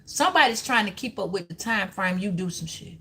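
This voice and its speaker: Bright-voiced woman, profane and preachy. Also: mid-range voice, animated, brisk. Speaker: tarot reader. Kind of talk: live-stream tarot reading.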